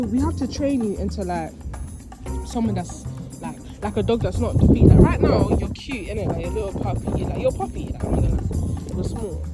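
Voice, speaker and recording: A young woman with a London accent chatting casually in a vlog while walking her puppy outdoors in a park, slang-heavy and laughing nervously, filmed on a handheld phone. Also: medium pitch. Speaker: vlogger. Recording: background music over voice.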